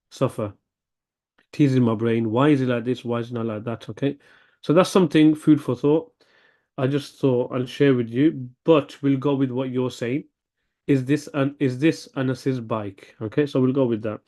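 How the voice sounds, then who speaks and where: A man's voice: mid-range voice, dark tone. A man teaching an Arabic grammar class, thinking aloud and checking in with "okay?" often. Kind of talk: online language lesson.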